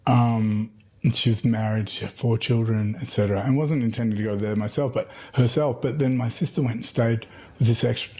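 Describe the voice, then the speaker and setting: A man's voice: medium pitch, steady tone, fairly quick, dark tone. A middle-aged man, from Tasmania, talking casually as an interview guest and rambling through stories with many fillers and restarts. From Tasmania, Australia.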